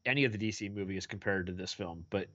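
A man's voice: low-pitched, fast talker, sharp tone, dull audio. A man co-hosting a casual podcast, talking bluntly and with exasperation about movies. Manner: blunt, exasperated, swears a lot. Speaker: podcast co-host. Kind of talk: casual movie review chat.

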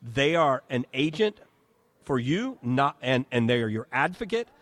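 A man's voice: mid-range voice, very animated, unhurried, a bit bright, no echo. A man hosting a live radio talk show from a home and garden show, chatting, joking and reading ads.

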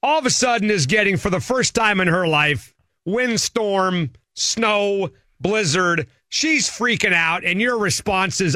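A man's voice: sits high, animated, unhurried, bright, forceful tone, no room sound, studio quality. A man co-hosting a radio show, teasing and needling his partner in casual banter. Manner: teasing, needling questions, laughs easily. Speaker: radio co-host.

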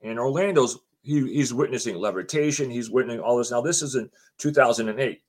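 Talking a little fast in a mid-range voice, a homeowner casually recounts what happened to him. He brings the story to life by acting out quotes from other people.

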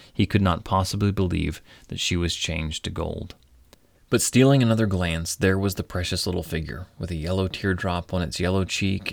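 A man narrating a classic storybook tale in a gentle, expressive storytelling manner. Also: sits low, vocal fry, no echo.

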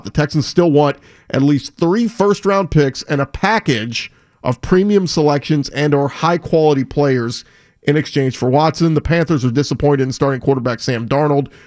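A man co-hosting a sports talk show, his voice sitting a little high for a man. He talks in an easy, conversational way, reading out a report and then working through a list of names. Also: darkish tone. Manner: conversational, reads reports then lists players. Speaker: sports talk radio co-host.

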